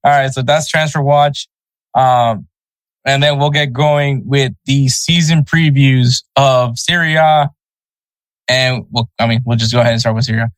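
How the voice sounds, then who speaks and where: A man co-hosting a casual soccer podcast, relaxed and easygoing, chuckling over tricky team names. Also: medium pitch, unhurried, no room sound, poor audio. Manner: laid-back, chuckles over name pronunciations. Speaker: podcast co-host.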